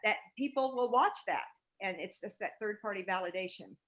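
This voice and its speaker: Woman adding quick remarks on a roomy call. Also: medium pitch, a bit bright. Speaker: team member on a call. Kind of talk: casual group call talk. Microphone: video call.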